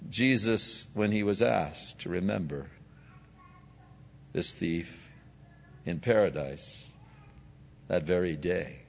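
A male pastor preaching a sermon, animated, acting out biblical figures in dialogue. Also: sits low, normal speed, creaky, long pauses. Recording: dull sound with long hall reverb.

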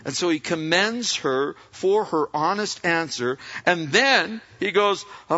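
A man's voice: high voice, animated, takes it slowly, few pauses, sharp tone. A man preaching a sermon in a loose, conversational way, acting out the lines of the people he talks about. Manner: casual, conversational preaching with slang and quoted dialogue. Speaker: pastor. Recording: dull sound with long hall reverb.

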